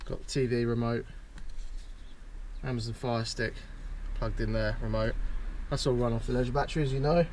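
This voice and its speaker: A man's voice: mid-range voice, fairly even intonation, normal speed, darkish tone. A man chats away in an everyday mid-range voice while showing off his campervan. He pokes fun at himself and talks as he does each task. There is a faint hiss behind him. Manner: chatty, self-mocking, talks while doing tasks. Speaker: van owner showing his setup. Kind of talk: casual demo chat. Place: inside a parked campervan at home.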